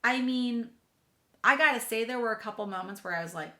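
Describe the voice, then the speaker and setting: A woman's voice: on the high side, fairly quick, pushed and bright. A woman teacher giving a chatty, enthusiastic reading lesson to children, talking to them directly. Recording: echoey room.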